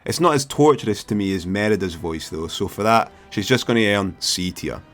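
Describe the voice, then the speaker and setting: A man's voice: on the low side, animated, a little fast, fairly bright tone. A Scottish man giving opinionated, sweary, sardonic film commentary as the host. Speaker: film reviewer.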